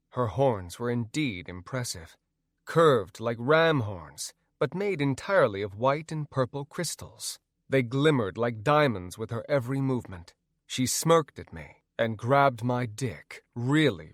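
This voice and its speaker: Give me a male audiobook narrator, expressive and lively, recorded dry. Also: medium pitch, no room sound. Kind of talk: first-person audiobook narration.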